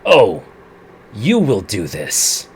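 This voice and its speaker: A man's voice: fairly low pitch, huge pitch swings, extremely slow, a little hiss or hum, heavily acted. A man voicing a proud, hostile male goliath warrior who sneers and scoffs in a tabletop game. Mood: scornful. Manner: sneering, scornful.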